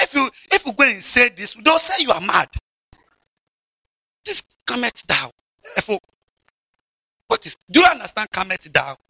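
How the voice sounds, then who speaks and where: A man preaching a lively sermon as a bishop, mocking and shouting for emphasis. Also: very high-pitched, unhurried, vocal fry, long pauses, breathy edge, dry recording.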